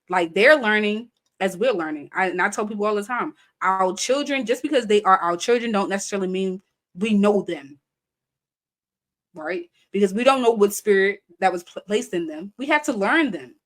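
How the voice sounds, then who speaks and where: A young woman hosts a casual live-stream talk. She speaks in an animated, conversational way, laughing often and reading out viewer comments. Her voice sits at a middle pitch. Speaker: live show host.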